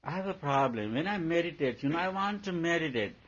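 A man's voice: a little high, expressive, fairly quick, a bit bright, a little hiss or hum, pitched above the performer's own voice. A man putting on the voice of a fretful devotee who complains to his teacher. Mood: plaintive. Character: fretful adult devotee complaining about pet. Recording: dull lo-fi recording.

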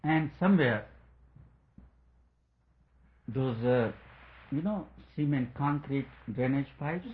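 A man's voice: mid-range voice, takes it slowly, long pauses. Chuckling man on a tinny line. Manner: digressive, chuckling storyteller. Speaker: spiritual speaker. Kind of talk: spiritual talk with a told story. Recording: tinny phone-like line, faint noise.

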